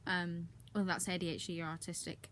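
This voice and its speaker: A woman's voice: on the low side, level tone, fast talker, a bit bright, slight background noise. A woman giving a casual, candid wrap-up of her monthly reading, chatty with frequent filler ums and blunt asides. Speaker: book reviewer.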